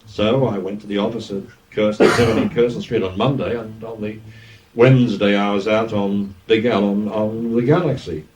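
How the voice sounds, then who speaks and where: A man in his sixties with an Australian accent, a former radio DJ telling lively anecdotes in an interview, often acting out what others said. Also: lowish voice, moderate pace, slight background noise. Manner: lively raconteur, acts out quoted speech. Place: event venue. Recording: dull, distant lo-fi recording.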